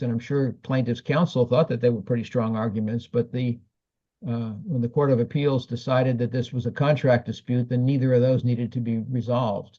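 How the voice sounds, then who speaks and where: Guest, male former prosecutor, measured explainer, mellow tone, dull lo-fi webinar audio. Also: mid-range voice. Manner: measured, explanatory, frequent ums. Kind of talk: webinar conversation, legal explanation.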